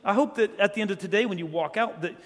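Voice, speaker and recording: This sermon comes from a middle-aged South Carolina man guest-preaching in a sanctuary, his high voice moving at a quick clip. Funny, conversational stories told loudly give way to hushed, sincere passages. A long reverb from the church hall fills the sound.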